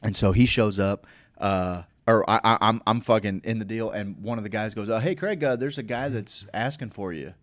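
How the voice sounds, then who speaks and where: A man's voice: fairly low pitch, moderate pace, dry recording. A man with a Midwestern American accent telling a long, profane, rambling story as host of a casual live show.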